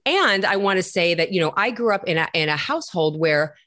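Blunt, low-voiced woman speaking candidly. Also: animated, brisk, fairly bright tone. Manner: blunt, emphatic, swears casually. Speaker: guest. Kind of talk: candid conversation.

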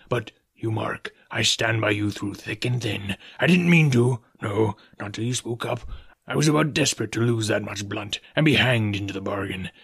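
A man voicing a cunning old male pirate cook, speaking in a slow, low, confiding drawl. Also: creaky, a bit bright, breathy edge, full character voice.

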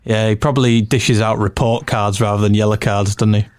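A man co-hosting a casual football podcast, reading out stats and lists in a steady, measured way. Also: on the low side, clear, resonant tone, dry recording. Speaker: podcast co-host.

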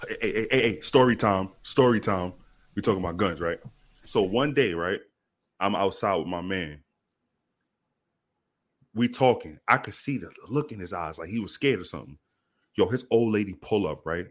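A man from the Bronx holds the floor in a relaxed chat. His storytelling is animated and full of profanity. He doubles back on his own phrases for effect. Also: sits low, moderate pace. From the Bronx, New York.

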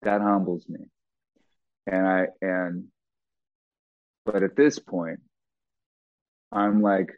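A middle-aged man being interviewed, telling a personal story bluntly and profanely, with halting restarts. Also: low voice, flat delivery, dry recording. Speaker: guest. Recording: tinny phone-like line, dry.

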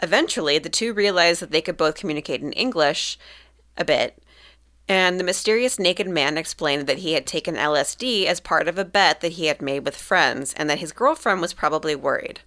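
A woman's voice: low voice, a little fast, fairly bright tone. A woman hosting a podcast, telling a story casually with dry jokes. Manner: narrates with dry jokes and laughs.

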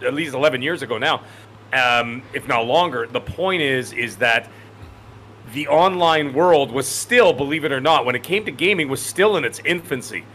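A man's voice: mid-range voice, moderate pace, pushed and bright, slight background noise. A man in his forties co-hosting a podcast in casual chat, rambling and emphatic, often correcting himself mid-sentence. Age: 40s. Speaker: podcast co-host.

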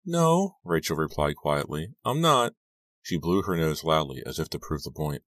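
Male audiobook narrator, very deep voice, steady measured reading, dry close sound. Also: dry recording. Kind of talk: scripted narration.

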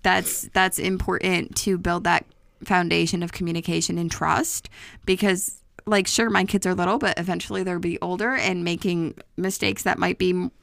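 Chatty mom with a dry close sound. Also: female voice, on the low side, little pitch movement, moderate pace, gravelly, fairly bright tone, no echo. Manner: chatty, laughs easily. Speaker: podcast co-host. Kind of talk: casual parenting chat.

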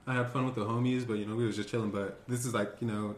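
A man's voice: on the low side, flat delivery, racing. A man guest on a casual podcast, hesitant and full of "uh" and "like" fillers. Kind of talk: casual chat. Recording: roomy echo.

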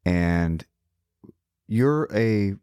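Deep-voiced chatty man host. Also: expressive, very slow, a little mellow, clean tone, no room sound, studio quality. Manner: chatty, rambling, jokey. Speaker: podcast host. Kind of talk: casual interview.

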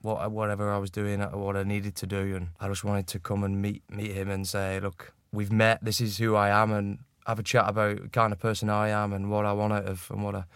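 A man's voice: fairly low pitch, completely flat delivery, a little fast, hardly any pauses, a bit bright, clean tone, no room sound, clean studio sound. A man in his thirties with a Northern English accent, chatting casually as a guest and laughing at himself often. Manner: laughs often, self-deprecating. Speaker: guest rugby player. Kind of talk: casual chat.

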